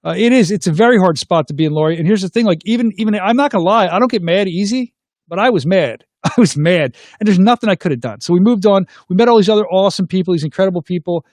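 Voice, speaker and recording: Man, thirties, talk show host, rapid delivery, dry close mic, animated storytelling. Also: high-pitched, dry recording. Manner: animated, acts out dialogue in his anecdotes; reads viewer comments aloud. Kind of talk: casual livestream storytelling.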